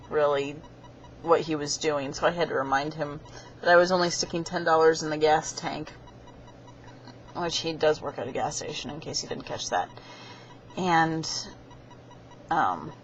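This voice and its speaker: A young woman with a low voice tells a rambling, chatty story straight to her webcam. She slips into little voices for the people she quotes, and the sound is dull and lo-fi with a faint hiss underneath. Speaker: vlogger.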